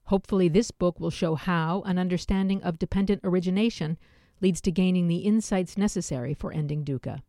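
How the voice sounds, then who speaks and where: A woman narrating a nonfiction book in a measured, explanatory way, dropping in dry, wry asides. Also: lowish voice, warm tone, no echo. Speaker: audiobook narrator. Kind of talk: scripted nonfiction reading.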